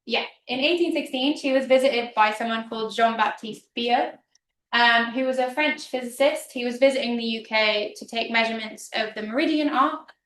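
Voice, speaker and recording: A woman's voice: fairly high pitch, normal speed, fairly bright tone, far from the mic, a little hiss or hum. A woman lecturer giving a public history talk in a casual, chatty manner with frequent ums. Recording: roomy hall, speaker off-mic.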